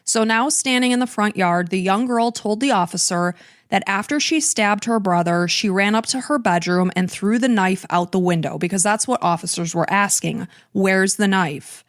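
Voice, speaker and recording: A woman's voice: medium pitch, moderate pace, dry recording, clean studio sound. A woman hosting a true crime podcast, earnestly recounting events step by step. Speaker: podcast host.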